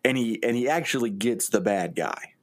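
A man's voice: medium pitch, expressive, normal speed. A young man co-hosting a podcast, chatting casually, laughing often and acting out characters. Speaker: podcast co-host. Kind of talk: casual brainstorming chat.

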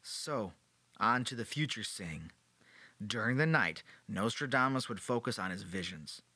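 A man's voice: on the low side, expressive, measured pace, pushed and bright, no room sound. A man hosting a podcast, telling a history story in a casual, playful way with sarcastic joking asides. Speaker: podcast host.

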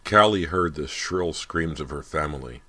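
A man reading a horror novel aloud as an audiobook narrator, in a measured, steady way. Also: rumbling low. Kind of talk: scripted narration.

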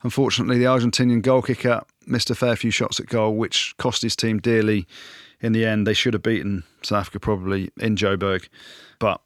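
Man, low voice, dry close sound, rugby podcast co-host, jokey, animated banter. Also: brisk, no echo. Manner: animated, jokey, punchy verdicts. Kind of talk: casual sports banter.

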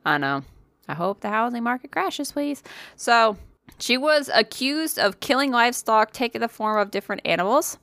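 This podcast co-host is a woman whose voice sits on the high side, fairly bright and lively in intonation, moving at a moderate pace. Chatting casually, she tells a story full of profanity, frequent laughter, and self-deprecating jokes, captured in clean studio sound with no room noise.

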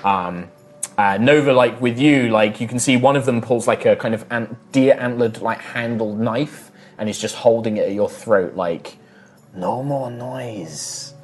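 A man narrating as game master of a tabletop game, in a relaxed style full of fillers. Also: mid-range voice, moderate pace.

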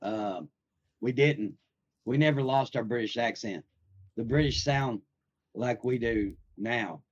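A man's voice: medium pitch, takes it slowly, long pauses, slightly rough. A man hosting a podcast, telling stories in a loose, rambling way with lots of fillers. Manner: rambling, filler-heavy storytelling. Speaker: podcast host. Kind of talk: casual podcast chat. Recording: slightly dull lo-fi audio.

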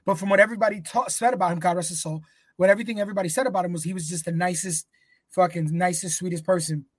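A man's voice: sits high, steady tone, very fast, no room sound. A man co-hosting a podcast in casual, profane chat, rambling and searching for words as he talks. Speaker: podcast co-host.

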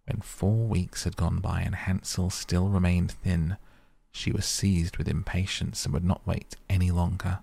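A man reading a fairy tale aloud in a soft bedtime storytelling voice, at times half-whispered. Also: flat delivery, measured pace, no echo. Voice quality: gravelly, breathy low voice. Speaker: sleep podcast reader. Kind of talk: softly spoken bedtime storytelling.

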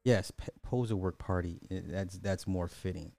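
A man hosting a casual livestream, reading chat questions in an animated, slangy way with lots of repetition and swearing. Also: low voice, moderate pace, vocal fry, dry recording.

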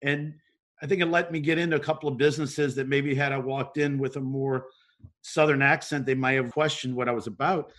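A man from New Orleans, a co-host, telling stories in relaxed, casual radio talk. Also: mid-range voice, a little fast. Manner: relaxed storytelling, chuckles.

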